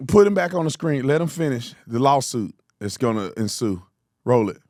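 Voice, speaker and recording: A man hosting a reaction show, mocking the clips he plays in a loud, animated way. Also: medium pitch, moderate pace, no room sound, studio quality. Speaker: host. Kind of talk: reaction commentary.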